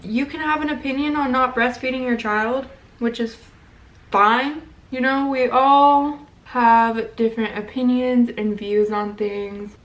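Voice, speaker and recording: Blunt, sassy young woman, slightly distant mic. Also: fairly high pitch. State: pregnant. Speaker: beauty vlogger. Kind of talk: casual makeup tutorial and rant.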